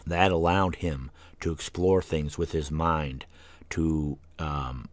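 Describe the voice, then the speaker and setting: A very deep-voiced man hosts an internet radio talk show, drifting from tangent to tangent, full of ums and tired yawns. The recording is close and dry, with no room sound at all. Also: fairly even intonation, slow, dry recording. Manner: rambling, tangent-prone, with many fillers and yawns. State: tired, yawning. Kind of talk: casual rambling monologue. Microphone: studio microphone.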